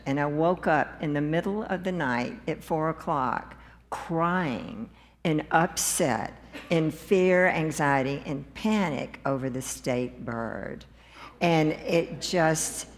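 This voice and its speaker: A woman from the congregation sharing a personal testimony in an earnest, unhurried way. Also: deep voice, lively intonation, long reverb tail. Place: church sanctuary.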